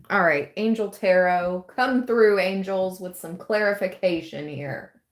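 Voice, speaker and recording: A woman giving a casual live-stream tarot reading, chatty and thinking aloud with drawn-out phrases. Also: mid-range voice, noisy background. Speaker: tarot reader.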